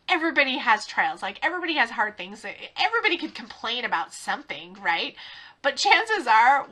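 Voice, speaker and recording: Middle-aged woman podcasting, high bright voice, chatty and laughing a lot. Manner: chatty and animated, laughing often. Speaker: podcast host. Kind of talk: casual podcast monologue.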